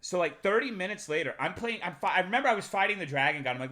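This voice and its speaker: A male streamer telling a rambling, profane personal story to his live chat, swinging between loud bursts and muttering. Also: high-pitched, expressive, racing, few pauses. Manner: profane, rambling anecdote with big swings in loudness.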